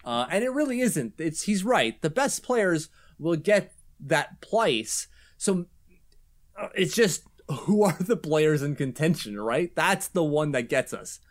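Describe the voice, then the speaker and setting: A man's voice: on the high side, expressive, a little slow. A man co-hosting a casual hockey podcast, talking loosely and laughing often. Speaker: podcast co-host.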